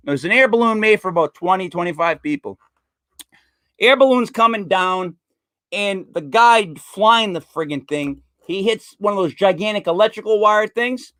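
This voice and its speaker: A man's voice: high voice, moderate pace, no echo. Man, podcast host, dry close sound, rambling casual chat. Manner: rambling storyteller, animated with joke voices.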